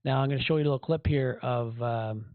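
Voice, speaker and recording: A man's voice: medium pitch, fast, dry recording. Guy ranting on his podcast, lots of ums, dry thin phone sound. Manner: rambling, indignant, many fillers. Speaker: podcast host. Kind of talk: casual commentary. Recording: tinny phone-like audio.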